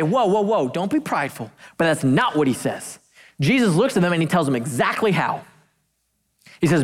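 Lively woman preaching with twang. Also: mid-range voice, long reverb tail. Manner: animated, emphatic, jokey asides, slows for key phrases. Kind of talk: sermon.

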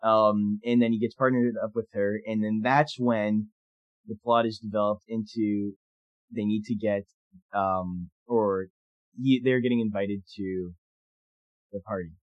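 A man's voice: on the low side, unhurried, dry recording, lo-fi sound. Chatty young man laughing through film talk. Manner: laughs often, animated, chatty with fillers. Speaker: podcast co-host. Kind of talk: casual film discussion.

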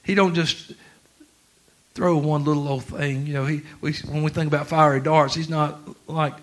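A man preaching a sermon, dropping to quiet talk and then rising to shouts with laughter. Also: on the high side, fairly even intonation, normal speed. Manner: swings from quiet to shouting, laughing through lines.

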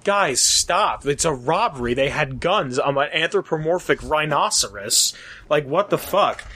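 A man's voice: fairly high pitch, lively intonation, unhurried, bright, forceful tone, heavily acted. A man doing a weary rhino superhero. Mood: exasperated. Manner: exasperated, self-pitying, swearing. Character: weary, put-upon male anthropomorphic rhino superhero.

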